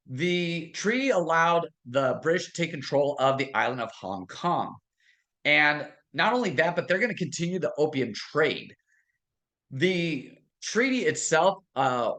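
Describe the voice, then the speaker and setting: A man's voice: on the high side, pushed and bright. A man teaching a history lesson in a casual, conversational way, asking questions and answering them himself, with many fillers. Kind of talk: casual classroom lecture.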